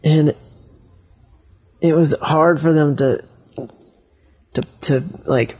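A man telling an improvised story to a child. He speaks haltingly, restarts often, and pauses to explain words as he goes. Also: fairly high pitch, fairly even intonation, darkish tone, slightly rough, lo-fi sound.

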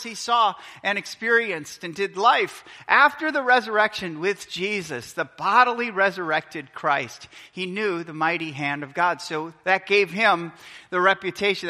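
Animated pastor, somewhat high voice, preaching in a reverberant church hall. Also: male voice, normal speed. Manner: animated, acts out Bible scenes in quoted voices. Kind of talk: sermon.

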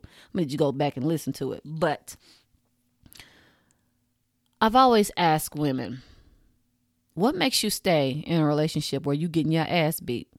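A woman's voice: low-pitched, no room sound. A woman podcast host, ranting frankly and profanely in a casual monologue into a close mic. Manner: frank, profane, rants with punchy asides.

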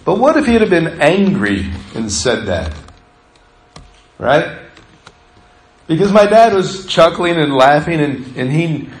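Middle-aged pastor guy preaching, kinda high voice, chatty storytelling, echoey church room. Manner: storytelling, conversational, acts out quoted voices. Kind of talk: sermon. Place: church sanctuary.

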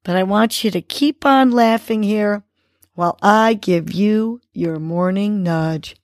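A woman hosting a podcast, leading a guided breathing exercise and giving a gentle, encouraging pep talk. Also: mid-range voice, slow, no echo, studio quality. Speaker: podcast host.

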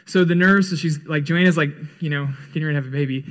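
A male worship leader with a slightly raised pitch, telling a story in a loose, joking way. He trips over restarts and fills gaps with "like," and jumps up high whenever he acts out what someone said. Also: fast talker, a bit bright. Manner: rambling, self-deprecating and humorous, many "like" fillers and restarts; acts out quoted lines with big pitch jumps. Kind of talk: storytelling before a song in a church service.

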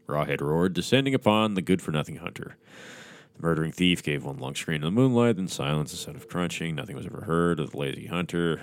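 A man's voice: low-pitched, lively intonation, fast talker. A man hosting a podcast, reading a horror story aloud with crude, mocking asides. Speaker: podcast host.

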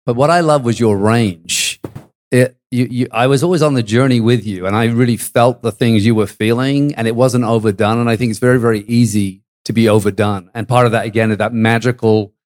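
A man co-hosting a speaking review, giving feedback in a halting way and restarting his phrases. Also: medium pitch, steady tone, a little mellow. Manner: halting, restarts phrases while searching for words. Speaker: co-host giving speech feedback. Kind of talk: spoken critique.

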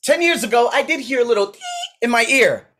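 Guy fired up preaching on his podcast, loud then low, swears, laptop mic at home. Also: expressive, fairly quick. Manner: fervent, swings between loud declarations and low asides; swearing, talking to himself by name. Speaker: podcast host and coach. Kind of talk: motivational preaching monologue. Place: indoors at home, pacing with a laptop.

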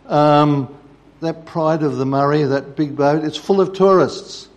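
A man's voice: a little high, a little slow, close to an everyday voice. A man playing an old Aussie fisherman. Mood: chiding. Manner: gruff, lecturing. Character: old Australian fisherman, calm and scolding.

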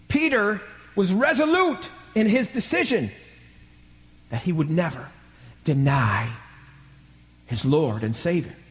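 Animated preacher man in a reverberant church. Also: slow pace, pauses often. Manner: acts out quotes with sudden loud high bursts; asks the congregation questions. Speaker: pastor. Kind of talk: live sermon. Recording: long hall reverb from a church.

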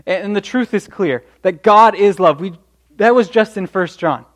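A man's voice: high voice, normal speed. A young man preaching a sermon in an earnest, encouraging way, often restarting his sentences. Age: young adult.

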